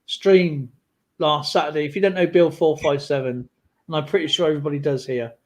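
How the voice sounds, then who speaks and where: A man chatting casually on a livestream, rambling through an animated story with lots of fillers. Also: a little high, a little fast, poor audio. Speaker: guest on a livestream. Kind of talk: casual chat.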